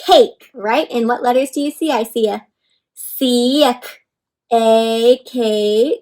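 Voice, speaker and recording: A woman reading a picture book aloud to children, animated, asking them questions and slowly sounding out letters, sometimes dropping to soft whispered asides. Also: on the high side, poor audio. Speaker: children's story reader. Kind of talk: interactive read-aloud for kids.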